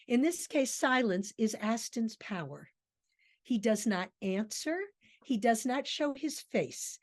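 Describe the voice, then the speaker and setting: A woman's voice: on the high side, darkish tone. A woman theatre director giving a conversational lecture on a play, breaking off to read lines aloud. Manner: conversational, with fillers and restarts, reading quotes aloud.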